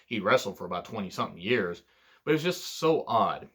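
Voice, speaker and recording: A man's voice: fairly low pitch, sing-song, a little fast, fairly bright tone, husky. A young adult man reviewing old wrestling events in blunt, profane, ranting casual commentary. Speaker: wrestling fan YouTuber.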